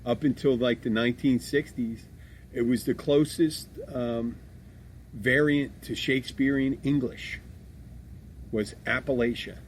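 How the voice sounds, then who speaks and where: Blunt Philadelphia-born podcast host, swears easily, rambles with restarts, mid-pitched voice, faint background noise. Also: male voice, steady tone, a little slow. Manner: blunt, swears freely, self-described abrasive. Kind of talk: casual podcast chat.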